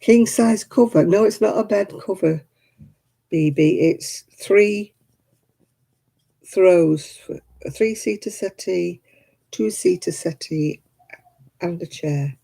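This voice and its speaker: While crocheting, a woman hosting a crafting livestream chats casually with viewers and grumbles about television. Her voice is lowish, slow, gravelly and mellow with long pauses, on a low-quality recording.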